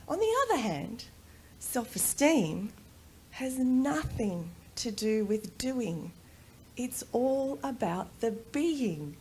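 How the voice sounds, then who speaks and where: A woman speaks from the stage at a conference, with a voice slightly higher than most. She talks with lively energy and draws out the phrases she wants to stress. A faint hiss of noise sits under her voice. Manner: animated, slows down to stress key phrases. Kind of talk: conference talk.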